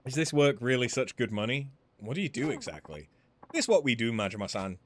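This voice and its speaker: A man voicing a brisk, bossy woman shopkeeper in a video game, speaking clipped, broken English in a put-on Chinese accent. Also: medium pitch, very animated, lightly acted. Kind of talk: reading game dialogue aloud.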